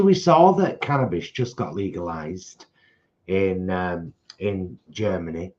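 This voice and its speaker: A man's voice: low voice, animated, slow pace, a little mellow, lo-fi sound. A man co-hosting a live stream, chatting casually with teasing, dry jokes.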